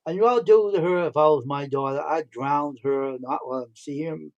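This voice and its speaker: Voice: medium pitch, brisk, muffled recording. A companion joining a live stream chat with blunt, offhand remarks.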